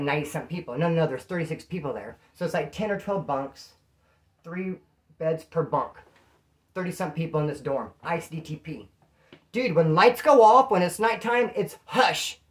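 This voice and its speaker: Man with streetwise slang telling stories. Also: a little high. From California. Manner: streetwise slang, animated, acts out quotes. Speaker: channel host telling prison stories. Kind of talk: casual storytelling to camera.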